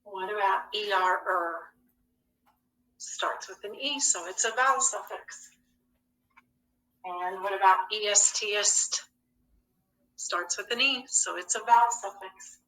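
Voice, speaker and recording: A woman's voice: mid-range voice, takes it slowly, pauses often, pushed and bright, distant mic. A woman teaching a phonics lesson to young children. She speaks patiently, asking questions and answering them herself. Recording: echoey classroom, voice from off the mic.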